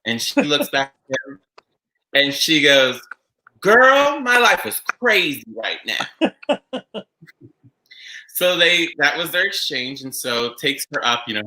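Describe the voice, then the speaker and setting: A man hosting a casual chat podcast, telling stories in a rambling, animated way. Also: medium pitch, normal speed, a little hiss or hum, rough recording. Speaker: podcast host.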